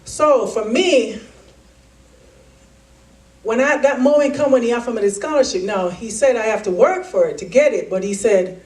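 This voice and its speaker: Set back from the microphone in a big echoing hall, this woman gives a motivational keynote, performing the quoted voices in her story with animation. Her voice is a little high, at normal speed with frequent pauses.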